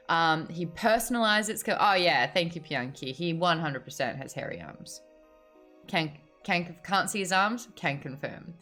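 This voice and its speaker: A woman's voice: on the low side, a bit bright. An Australian woman hosting a casual book chat on a video call, bubbly and chatty. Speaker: host.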